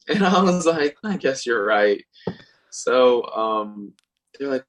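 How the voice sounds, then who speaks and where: Husky young man telling a story. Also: mid-range voice, slow pace, low-quality recording. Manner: animated, acts out quoted voices. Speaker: podcast guest and singer. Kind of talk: casual storytelling.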